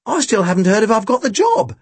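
A slow-witted, dazed young man , put on by a male reader, his husky voice lifted higher and stretched out in puzzled, drawn-out words. The reading is dry and close, with no room sound. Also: sing-song, a little mellow, no echo, full character voice. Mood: bewildered.

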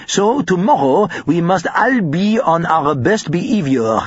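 A man's voice: fairly high pitch, big pitch swings, measured pace, slightly rough, dry recording, lo-fi sound, voice pushed up, heavily acted. A man voicing a short-tempered, bald male French teacher with an exaggerated French accent, speaking curtly. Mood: stern. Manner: curt, barking. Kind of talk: audiobook character voice.

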